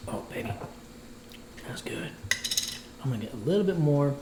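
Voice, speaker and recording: A man's voice: a little high, expressive, moderate pace, reverberant, background noise. A man, a voice actor, chatting playfully with viewers while cooking on a livestream. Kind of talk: casual cooking livestream chat.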